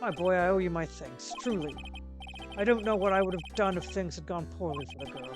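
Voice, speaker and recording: A woman plays an older British lawyer, fatherly yet flustered, who dodges questions and stumbles over his words. Game music plays clearly behind him. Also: on the low side, fairly quick, lightly acted. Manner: hesitant, flustered, deflecting. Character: troubled older male lawyer, fatherly and evasive.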